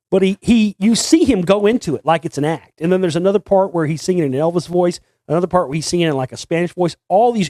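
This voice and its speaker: A man's voice: high voice, mellow, no echo. A man hosting a casual solo talk show, rambling with many restarts and repeated words. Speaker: host. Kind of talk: casual monologue.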